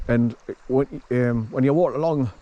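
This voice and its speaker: Walking through a forest with the camera on his chest harness, a man vlogs casually, explaining things in a halting, rambling way while coaxing his dog along. His voice is medium-pitched and the sound is lo-fi.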